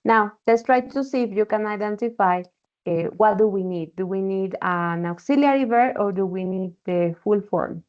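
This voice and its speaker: A woman's voice: medium pitch, normal speed. A woman teaching an online English class, explaining patiently and checking in often with "okay?". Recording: dull lo-fi call audio.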